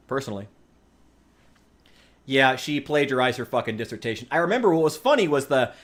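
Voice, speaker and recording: Animated, profane male streamer ranting. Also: mid-range voice. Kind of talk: casual gaming stream chat.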